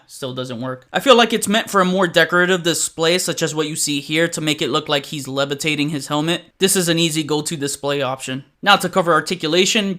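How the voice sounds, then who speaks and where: A man's voice: fairly high pitch, sharp tone. A man reviewing action figures in a chatty, enthusiastic way. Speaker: toy reviewer. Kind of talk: casual toy review.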